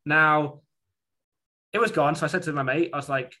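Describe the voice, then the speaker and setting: Man, bright tense tone, casual chat co-host, rambling anecdote delivery with restarts. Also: a little high, moderate pace. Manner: rambling storytelling with many restarts and fillers. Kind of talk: casual conversation.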